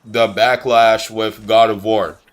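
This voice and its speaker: A man's voice: fairly low pitch, little pitch movement, slow. A young man livestreaming a game, chatting in a slangy, blunt way and saying "bro" a lot. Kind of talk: casual chat while gaming.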